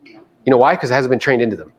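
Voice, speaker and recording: A man coaching a live audience in a meeting room, animated and casual, sometimes coarse, often acting out other people's voices. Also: medium pitch, rapid-fire. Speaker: real estate coach. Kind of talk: live seminar talk to an audience.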